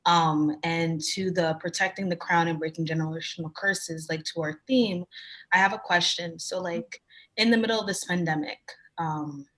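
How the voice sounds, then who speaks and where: A young woman student, emotional, asking a question on a video call in halting speech full of fillers. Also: on the low side, steady tone, a bit bright. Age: young adult. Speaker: student club president. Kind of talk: question from the audience.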